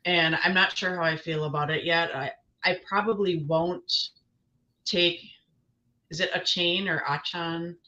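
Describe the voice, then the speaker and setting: A woman weighing her picks aloud, hesitant and full of small restarts. Her tone is bright and forceful, coming through a dull, lo-fi mic. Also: lowish voice, steady tone, measured pace, pauses often. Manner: hesitant, many ums and restarts. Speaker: guest analyst. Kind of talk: casual analytical chat.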